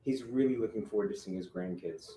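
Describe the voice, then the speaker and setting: A man playing an insistent divorced father who is quick to anger, in acted drama dialogue. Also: fairly low pitch, mellow, close to an everyday voice. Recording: roomy with faint noise.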